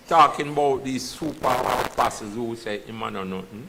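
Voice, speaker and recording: A man's voice: medium pitch, moderate pace, few pauses, pushed and bright, rough recording. A man with a Jamaican accent preaching a sermon and reading scripture aloud, slipping into patois and asking his listeners if they understand. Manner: slips into patois, asks the congregation "you understand?". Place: church.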